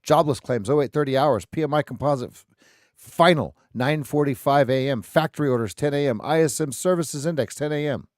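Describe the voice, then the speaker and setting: A man's voice: on the high side, fairly quick, a little mellow, no room sound. A man hosts a live trading session and reads off price levels. He repeats numbers and restarts mid-sentence. The sound is dry and close, with no room around it. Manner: repetitive, thinks aloud with restarts. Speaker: trading stream host. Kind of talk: live market commentary.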